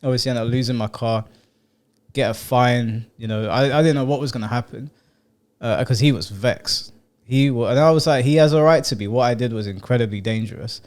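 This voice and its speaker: A man's voice: mid-range voice, fairly quick. Blunt, swearing young man. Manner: blunt, swearing, animated storytelling. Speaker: podcast co-host. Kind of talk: casual chat.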